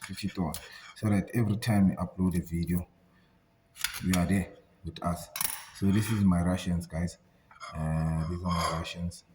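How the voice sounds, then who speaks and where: Man, low and unhurried; playful cooking-vlog host who chants repeated words; clear background noise. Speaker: cooking vlogger.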